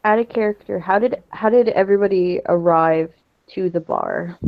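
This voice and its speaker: A woman's voice: fairly low pitch, moderate pace, vocal fry. A woman playing a tabletop role-play game, describing her character's actions in a hesitant, filler-heavy way. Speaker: player. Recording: lo-fi muffled mic.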